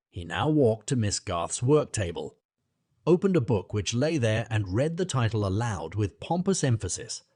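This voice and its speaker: A man narrating a classic novel as an audiobook, in a measured, even way. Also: lowish voice, dry recording, clean studio sound.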